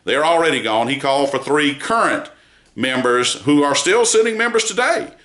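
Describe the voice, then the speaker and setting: A man giving a spoken news commentary on a court trial, measured and emphatic, with frequent pauses and fillers. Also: a little high, animated, pushed and bright, reverberant. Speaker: news site founder giving a report.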